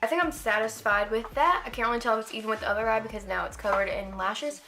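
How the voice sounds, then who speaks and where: A woman's voice: fairly high pitch, fast, pushed and bright, soft background music. Chatty eighteen-year-old woman doing makeup. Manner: chatty and rambling, with lots of "like" fillers. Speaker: makeup vlogger. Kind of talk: casual makeup tutorial.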